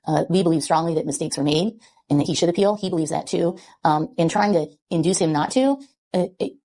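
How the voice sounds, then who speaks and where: A woman giving a public statement in an earnest, measured way. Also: on the low side, dark tone. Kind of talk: public statement on a court case.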